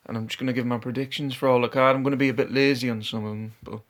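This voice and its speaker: A man's voice: mid-range voice, flat delivery, very fast, fairly bright tone. A man vlogging his fight predictions in a casual, unscripted way, laid-back and hesitant, often trailing off and restarting. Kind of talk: casual talk to camera.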